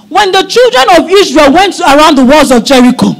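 A middle-aged woman pastor preaching a sermon at a church service, fervent and often breaking into shouts. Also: high-pitched, lively intonation, a little fast, few pauses.

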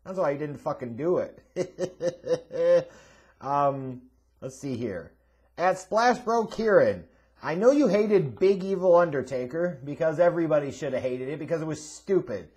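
A man's voice: fairly high pitch, animated, unhurried, a little mellow. A man hosting a casual Q&A, reading out viewer questions and answering them bluntly, sarcastically and with a lot of swearing. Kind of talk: casual Q&A rant.

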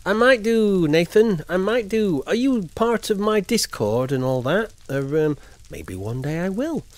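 Man, game streamer, chatty, lively voice, dry close sound. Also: high-pitched, measured pace, dry recording. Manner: chatty, reads and answers chat. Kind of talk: casual live-stream chat.

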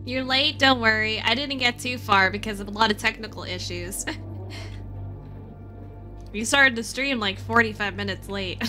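Woman game streamer, slow, bright, playful, cutesy, faint music behind. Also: a little high. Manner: playful and cutesy, meows at characters. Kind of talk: game playthrough commentary.

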